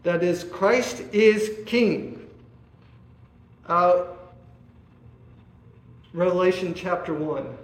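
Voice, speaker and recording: A man preaching a sermon, asking his listeners rhetorical questions and often pausing on "uh". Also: sits high, lively intonation. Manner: asks the listeners rhetorical questions, with many "uh" fillers. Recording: echoey room.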